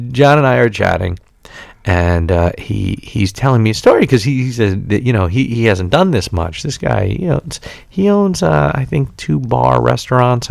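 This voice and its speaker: Male podcast host, low gravelly voice that swings around a lot, loose rambling storyteller. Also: dry recording, studio quality. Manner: rambling anecdotes with many restarts and laughs. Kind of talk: casual chat.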